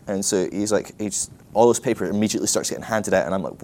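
A man's voice: on the low side, quick pace, few pauses, darkish tone. A man speaking at a ministry school, telling a self-deprecating story in a casual sermon, full of "like" and restarts.

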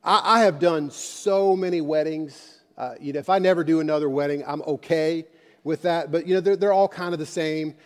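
A man's voice: a little high, steady tone, normal speed. Guy pastor preaching in a church, passionate but chatty, voice rings out in a big echoey hall. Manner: impassioned preaching with rising emphasis and conversational asides. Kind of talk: sermon. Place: church sanctuary. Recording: long hall reverb.

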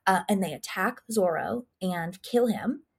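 A woman co-hosting a podcast, recapping a horror film in a profane, rambling, animated way. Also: mid-range voice, measured pace, creaky, slightly rough. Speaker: podcast co-host. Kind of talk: casual horror movie recap.

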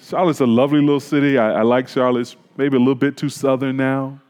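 A pastor preaching a sermon, telling a personal story in a conversational, reflective way. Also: male voice, medium pitch, flat delivery, quick pace, a little mellow, clear, resonant tone, big-room sound.

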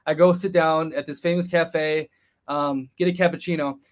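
A man with a high, light voice tells a rowdy travel story in a loose, casual way. He swears freely and puts on quick voices for the people he quotes. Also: fairly even intonation. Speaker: podcast guest.

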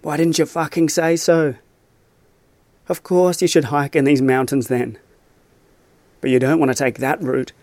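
A man voicing a gruff male guesthouse owner who swears and exaggerates while telling a story. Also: a little high, flat delivery, unhurried, pauses often, darkish tone, no echo.

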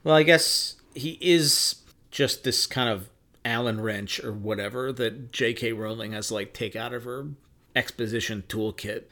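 A man's voice: medium pitch, measured pace, sharp tone. A man co-hosting a podcast in casual chat, laid-back and musing with jokes. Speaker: podcast co-host.

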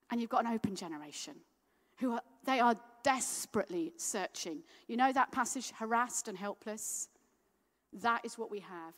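A woman giving a guest sermon, telling stories in a lively, rousing and heartfelt way. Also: fairly high pitch, big-room sound. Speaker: guest preacher.

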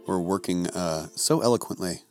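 A man's voice: deep voice, moderate pace, darkish tone, faint music behind. A man co-hosting a casual comedy chat, bantering playfully with a friend. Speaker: podcast co-host.

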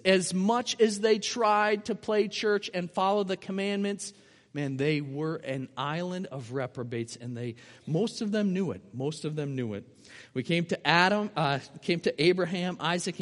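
Emphatic high-voiced man preaching in a hall. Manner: emphatic, repeats key phrases. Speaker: missionary preacher. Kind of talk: sermon storytelling. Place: church.

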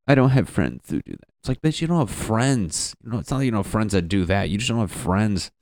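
A man's voice: lowish voice, animated, brisk, few pauses, darkish tone, no echo, studio quality. A young man doing a stand-up comedy bit, rambling and profane, acting out quotes as he goes.

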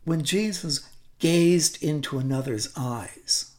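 An older man preaching a sermon, deliberate and reflective, sinking to a whisper on key phrases. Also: a little high, very animated, darkish tone.

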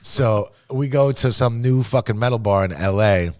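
A man's voice: mid-range voice, moderate pace, a little mellow, dry recording, studio quality. A man telling a rambling, profane, self-deprecating story in casual podcast talk.

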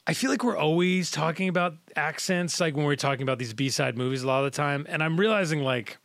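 Gravelly, rambling man hosting a film chat. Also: fairly high pitch, fast, a bit bright, no echo, studio quality. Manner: rambling, self-interrupting, laughs easily. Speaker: podcast host. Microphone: video call recording.

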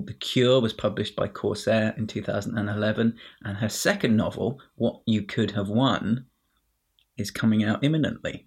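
A man's voice: fairly low pitch, slightly rough. A man hosting a show and introducing his guests in a chatty, self-deprecating way. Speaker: podcast host.

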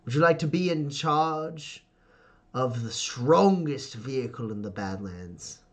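Domineering clan father voiced by a man, commanding, smug, slow deliberate delivery. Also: medium pitch, expressive. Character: stern, domineering male clan patriarch.

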